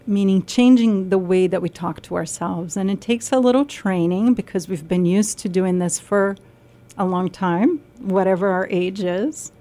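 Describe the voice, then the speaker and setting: A young adult woman giving a radio talk on nutrition, explaining gently and sometimes acting out a scolding inner voice. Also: fairly low pitch. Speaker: guest speaker on nutrition.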